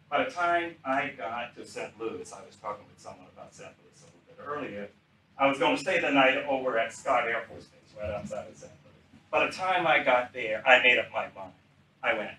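Older man from South Carolina, speaker telling career stories, bright voice, distant mic in an echoey room. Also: medium pitch, fairly quick, slight background noise. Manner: animated storyteller acting out quoted dialogue. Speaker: retired general giving a talk. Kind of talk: anecdotal storytelling talk.

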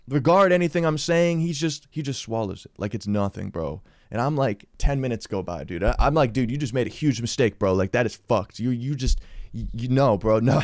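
A man's voice: medium pitch, dry recording, studio quality. A young man telling a funny story in a casual vlog, full of "dude" and "bro". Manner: slangy, lots of "dude" and "bro", animated retelling.

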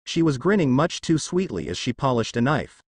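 A man narrates a fan fiction tale with a pitch that rises and falls freely across each sentence. His voice sits close and dry, with no room around it. He keeps an animated storytelling lilt throughout. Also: normal speed, breathy edge, no room sound. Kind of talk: reading fan fiction aloud.

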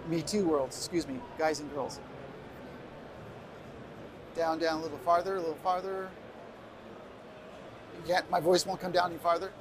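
A middle-aged man presenting a live workshop on a convention stage through a stage microphone, chatting casually and giving directions to the sound crew. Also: a little high. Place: convention stage before an audience. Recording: noisy live room. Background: room noise.

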